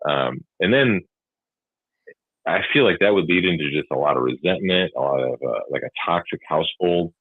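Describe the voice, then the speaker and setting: A man's voice: low-pitched, expressive, normal speed, husky, no room sound. A man in a casual podcast chat who rambles, peppering his talk with "like" and starting over. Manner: rambling, full of "like" and restarts. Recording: tinny phone-like line, dry.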